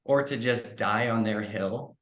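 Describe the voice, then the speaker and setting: A man's voice: on the low side, measured pace, a bit bright, reverberant. A man coaching on relationships in a podcast interview, earnest and reflective, acting out little example dialogues. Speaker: trauma coach, podcast guest.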